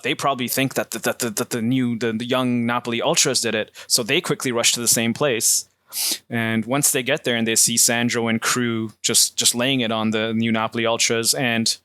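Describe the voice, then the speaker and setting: A man's voice: medium pitch, sharp tone, no room sound. A man casually retelling a film's plot on a podcast, full of ums and acted-out quotes. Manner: retells scenes at length with many ums and quoted lines. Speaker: podcast host recapping a film. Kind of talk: casual film discussion.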